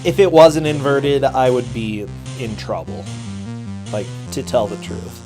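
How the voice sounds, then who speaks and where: Excitable male race commentator. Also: medium pitch, rough recording. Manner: excitable, quick exclamations. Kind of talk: casual live commentary. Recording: faint game music behind.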